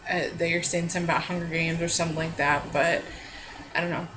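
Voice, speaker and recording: A woman's voice: fairly low pitch, normal speed, noisy background. A woman co-hosting a casual recap chat, chatty and candid, openly unsure of her guesses. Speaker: co-host. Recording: loud music under the voice.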